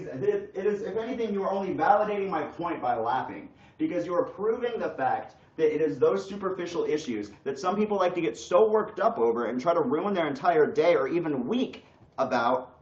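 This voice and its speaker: A young man ranting bluntly and crudely on a casual livestream, his voice swinging from loud bursts to low mutters. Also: expressive, normal speed. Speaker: streamer. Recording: echoey room, dull lo-fi sound.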